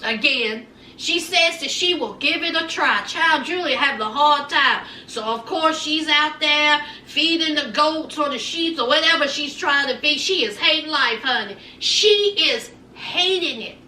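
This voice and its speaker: Chatty woman recap host, sharp bright tone, heard a bit off mic in a roomy space. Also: high voice, unhurried, far from the mic, slight background noise. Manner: sassy, animated, acts out quotes, calls listeners honey and child. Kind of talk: casual gossipy recap. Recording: echoey room, off mic.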